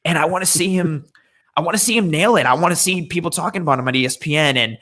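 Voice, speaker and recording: A man appearing as a guest draft scout, giving animated football analysis in a giggly, playful way. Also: fairly high pitch, fast. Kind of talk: casual sports chat.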